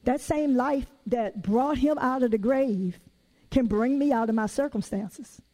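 A woman with a Southern US accent preaching a sermon in a lively, conversational way with folksy asides. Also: on the high side, unhurried.

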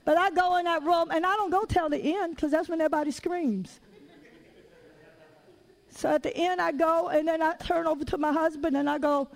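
Animated high-voiced woman preacher. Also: a little fast, gravelly, poor audio. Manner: animated, conversational storytelling with call-outs to the audience. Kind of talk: sermon.

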